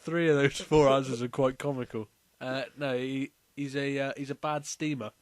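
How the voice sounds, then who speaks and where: A man's voice: medium pitch, steady tone, normal speed, dry recording. A man answering quiz questions in casual chat, thinking aloud with fillers before each answer. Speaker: quiz contestant.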